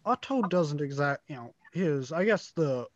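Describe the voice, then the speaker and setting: A man's voice: on the high side, expressive, a loud crowd. Hesitant man on a dull lo-fi line. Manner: hesitant, halting. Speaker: player. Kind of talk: casual tabletop game discussion.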